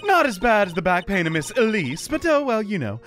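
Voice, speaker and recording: A man's voice: high-pitched, sing-song, a little fast, fairly bright tone, faint music behind, voice pushed up. A man doing a chirpy sing-song old nun. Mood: sweetly chatty. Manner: sing-song, sweet, fussing about her aching back. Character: chirpy elderly female temple nun. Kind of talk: reading game dialogue aloud.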